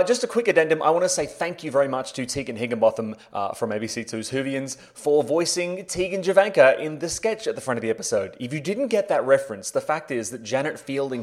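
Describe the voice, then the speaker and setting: A man hosting a podcast, talking in a jokey way full of quick asides. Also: mid-range voice. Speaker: podcast host. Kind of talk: comic podcast monologue.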